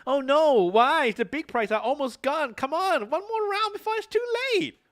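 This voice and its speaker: A squeaky, whiny little girl who is eager and pushy, put on by a man reading game lines. The voice is very high and jumps up and down. It sounds bright and tense. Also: lively intonation, moderate pace.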